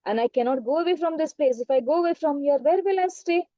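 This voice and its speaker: A woman's voice: high-pitched, quick pace, warm tone, no room sound, highs cut off, natural voice. A woman voicing a male wrongdoer who begs to be allowed to stay. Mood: pleading. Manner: pleading. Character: defiant then pleading male wrongdoer.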